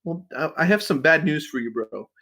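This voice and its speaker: A man's voice: on the high side, animated, a little fast, pushed and bright. A man hosting a podcast, ranting bluntly and with plenty of swearing as he critiques a video. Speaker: podcast host. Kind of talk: casual critique chat.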